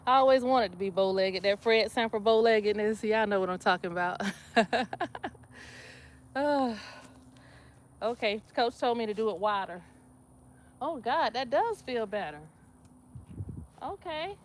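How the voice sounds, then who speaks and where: Woman in her 50s squatting on a livestream, kinda high voice, laughing and hollering at viewers. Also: lively intonation, moderate pace. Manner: chatty, laughing, exclaiming to viewers. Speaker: livestream host. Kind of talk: casual live exercise chat.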